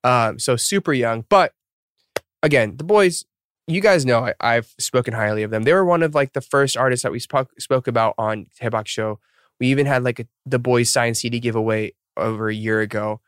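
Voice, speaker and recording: A man's voice: mid-range voice, normal speed, fairly bright tone, clean tone, no room sound. Dry-sounding man chatting, full of fillers. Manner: rambling, filler-heavy, laughs at himself. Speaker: podcast host. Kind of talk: casual podcast chat.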